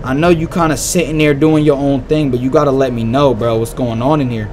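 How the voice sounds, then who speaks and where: A young man giving excitable, slang-heavy let's-play commentary on a horror game and reacting loudly to scares. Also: medium pitch, a little fast, slight background noise. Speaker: gaming YouTuber.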